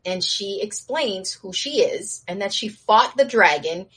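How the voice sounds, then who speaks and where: A woman casually recapping a show in slangy talk, acting out the characters' lines in a higher voice and laughing now and then. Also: lively intonation, unhurried, fairly bright tone, husky. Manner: chatty with frequent laughs and asides.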